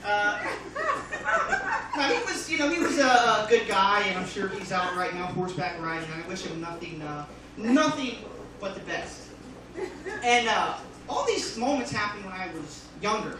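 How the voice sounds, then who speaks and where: A man performing a casual stand-up comedy set, talking loosely with many fillers and sudden loud jumps, recorded from far off on a phone in a comedy club. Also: high voice, big pitch swings, moderate pace, heavy reverb, noisy background. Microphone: phone filming from the audience.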